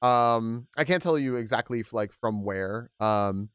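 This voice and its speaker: A man's voice: mid-range voice, measured pace, fairly bright tone, smooth, no room sound, studio quality. A man streaming a game, telling stories casually, swearing a lot and full of filler words. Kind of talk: casual gaming stream storytelling.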